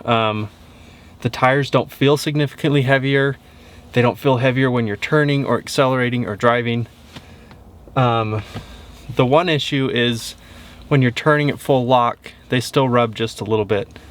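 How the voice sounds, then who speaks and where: A man's voice: mid-range voice, moderate pace. A man giving a casual, upbeat walkaround of a truck in a vlog, with frequent fillers. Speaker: truck reviewer. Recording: windy outdoor noise.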